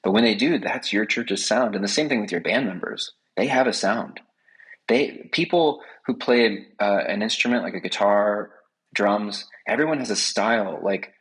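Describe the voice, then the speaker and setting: A man's voice: on the low side, fairly bright tone, breathy edge, poor audio. A man speaking as a podcast guest, talking earnestly and with many fillers in a casual conversation.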